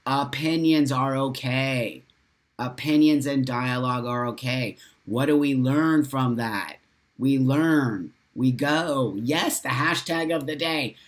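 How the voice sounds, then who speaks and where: A man's voice: medium pitch, slow pace. A middle-aged man hosting a casual livestream, reading out viewer comments and answering them in an emphatic, blunt way, swearing freely and laughing often. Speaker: host.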